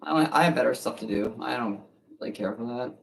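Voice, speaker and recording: A woman's voice: extremely low pitch, quick pace, gravelly, far from the mic. A woman who eats competitively, chatting casually and telling rambling stories with lots of fillers. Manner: relaxed, rambling storytelling with fillers. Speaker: competitive eater. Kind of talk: casual chat.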